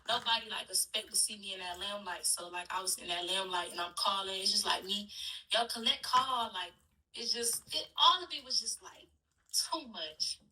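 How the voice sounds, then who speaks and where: A woman's voice: medium pitch, fairly quick, sharp tone. A woman being interviewed on a live stream, talking in a distressed, pleading, repetitive way. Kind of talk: emotional live-stream talk. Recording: distant mic with noise.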